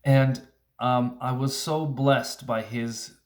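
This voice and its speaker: A man in his thirties, a single father, talking earnestly in a casual vlog, halting and restarting often with fillers. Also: medium pitch, steady tone. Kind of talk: casual reflective vlog monologue.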